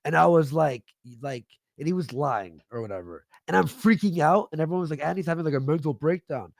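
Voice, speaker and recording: A man's voice: a little high, lively intonation, fast talker, vocal fry, no room sound, clean studio sound. A man on a livestream, angrily ranting and hurling profane insults. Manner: angry, profane, shouting insults. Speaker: livestream guest. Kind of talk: heated livestream rant.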